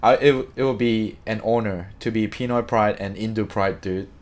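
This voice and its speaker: A man chatting casually on a live stream, reading out viewer comments in an excitable, talkative way. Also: on the low side, moderate pace.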